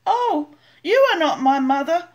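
A lost little baby bird, as an older woman reads it aloud, anxious and pleading in a small, high, swooping voice. It drawls its words slowly and cries out as it searches. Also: expressive. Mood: eager.

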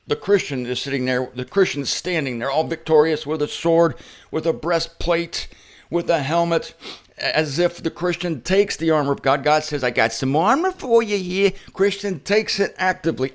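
A man teaching the Bible in a playful, theatrical way, repeating his key points with emphasis and telling stories with mock drama. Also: on the high side. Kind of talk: humorous Bible teaching monologue.

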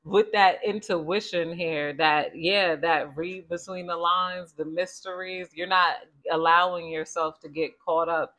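A woman's voice: lowish voice, fairly even intonation, unhurried, few pauses, pushed and bright. A woman giving a casual tarot reading to viewers, chatty and conversational, often asking spirit to tell her more. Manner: chatty and conversational, repeats 'Spirit, please tell me more'. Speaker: tarot reader.

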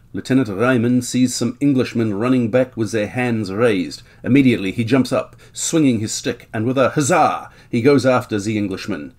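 A man's voice: mid-range voice, a little mellow, voice pushed up, close to an everyday voice. A man reading a German regimental account aloud in a put-on German accent, with stirring, dramatic delivery.

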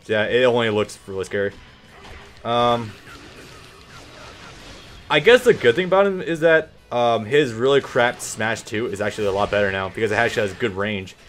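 A man's voice: medium pitch, lively intonation, moderate pace, long pauses, fairly bright tone, soft background music. A man giving casual gameplay commentary, laid-back, swearing freely and trailing off with ums. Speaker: let's play host.

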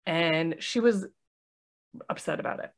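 A woman with a low voice speaks slowly; she's a nurse who hosts a podcast. Chatting casually, she tells stories in an animated way and acts out the conversations she's recounting.

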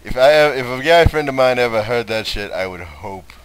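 A man's voice: medium pitch, expressive, normal speed, clean tone, no echo, rough recording. A young man giving casual, crude let's play commentary and laughing through his lines.

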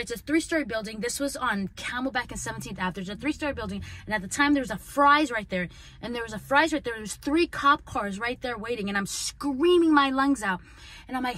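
A woman's voice: fairly high pitch, a bit bright. A woman hosting a podcast, telling her own story in an earnest, conversational way, full of "like" and "right?". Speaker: podcast host. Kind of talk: personal storytelling.

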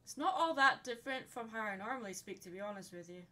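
Casting: a young Scottish woman with a Scottish accent, a live streamer who is chatty and jokey, with a bright voice. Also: a little high, expressive, fast talker. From Scotland. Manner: chatty, joking, laughs often. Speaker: streamer and artist. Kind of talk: casual live-stream chat.

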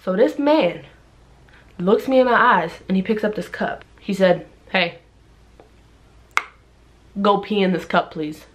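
A young woman tells a story to her camera in a relaxed vlog style. Her voice sits in a middle pitch, and she acts out everyone in the tale with sudden leaps upward. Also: takes it slowly, pauses often. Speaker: vlogger. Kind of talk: casual storytime.

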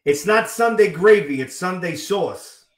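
A high-pitched man with a New York accent hosts a rock interview in easy, joking banter. His voice rings in a roomy space, and he keeps tossing in a catchphrase. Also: expressive, measured pace. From Queens, New York. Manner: joking, keeps saying "forget about it". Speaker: host. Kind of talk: casual interview chat.

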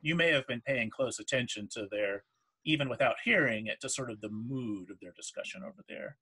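A man running a tabletop game as game master, at a middle pitch with a husky, breathy tone. He narrates hesitantly, circling back and restarting sentences. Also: lively intonation, a little fast, sharp tone. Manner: hesitant, full of fillers and restarts.

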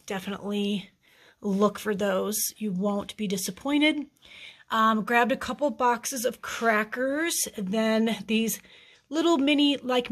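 A middle-aged woman chatting casually to viewers as she shows off her haul, gushing, with many ums. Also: mid-range voice. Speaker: vlogger showing her haul. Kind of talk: casual vlog chat to viewers.

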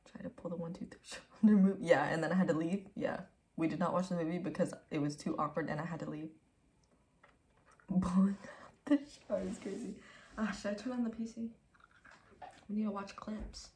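Chatting with her stream viewers from home, this woman in her twenties keeps things casual and profane, at times sliding into whispers. Her lowish voice is a little fast and a touch mellow. The echoey room has faint ambience.

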